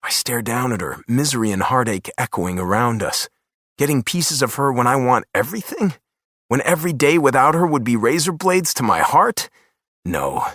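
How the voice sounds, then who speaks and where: A man's voice: medium pitch, animated, normal speed, a bit bright, dry recording, studio quality. A man narrating a first-person romance audiobook in an intimate, emotional tone.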